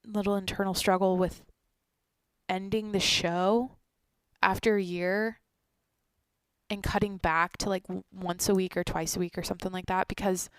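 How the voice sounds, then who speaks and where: A young woman hosting a solo daily podcast, tired and sleepy, rambling and swearing, jumping from loud outbursts to near-whispers. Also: mid-range voice, fairly even intonation, normal speed, smooth, dry recording. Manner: rambling, profane, swings between loud bursts and near-whispers. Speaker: podcast host.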